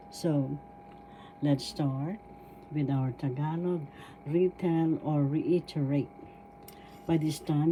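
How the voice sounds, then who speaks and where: A middle-aged woman gives a patient language lesson at home, her voice still husky and low from a recent cold. She speaks very slowly, sounding out each syllable in a deeply dark, mellow tone. A faint background hiss sits under her words. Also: low-quality recording. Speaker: language teacher. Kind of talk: slow spoken language lesson. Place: at home indoors, diffuser running.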